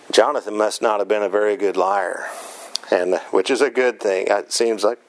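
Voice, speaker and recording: A man's voice: mid-range voice, rough recording. Male preacher, mid-range voice, earnest sermon delivery, acts out quoted lines.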